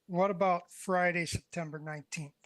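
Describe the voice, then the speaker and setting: A man's voice: high-pitched, steady tone, moderate pace, fairly bright tone, a little hiss or hum. A married man, a tabletop game player, chatting in an easygoing way about dates. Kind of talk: casual scheduling chat.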